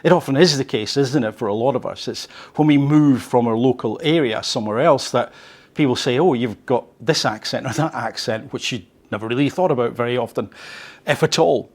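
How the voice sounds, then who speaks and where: A man hosting a learning show reads an article aloud at a medium pitch. He breaks off into lively, conversational asides. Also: fairly quick, husky. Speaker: podcast host teaching English. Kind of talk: reading an article aloud with commentary.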